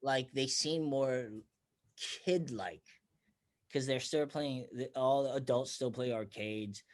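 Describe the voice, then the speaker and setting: A Bethlehem, Pennsylvania, USA native appears as a comedian guest on a podcast, relaxed and chatty. He takes his time at a medium pitch, telling foul-mouthed stories and acting out what people said.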